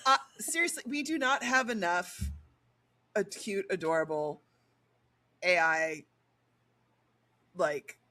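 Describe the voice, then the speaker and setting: A woman co-hosting a podcast in casual chat, animated and swearing freely. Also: lowish voice, slow pace, long pauses. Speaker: podcast co-host.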